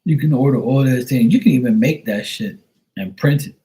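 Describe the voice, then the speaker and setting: A man's voice: mid-range voice, brisk, warm tone, husky, low-quality recording. A man chatting casually with viewers on a live tarot stream, blunt and full of swearing. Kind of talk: casual livestream chat.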